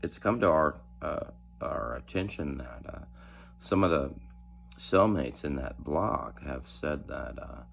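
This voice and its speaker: A man voicing a serious male investigator who speaks quietly and hesitantly, with solemn pauses. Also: extremely low pitch, expressive, creaky, slight background noise, voice pushed down, heavily acted. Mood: grave. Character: grave, serious male internal affairs investigator.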